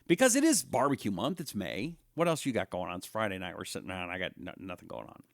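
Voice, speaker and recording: A man's voice: deep voice, big pitch swings, fast talker, creaky, dry recording, studio quality. A middle-aged man hosting a casual live-stream talk show, rambling, joking and reading out viewer comments. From Washington State, USA.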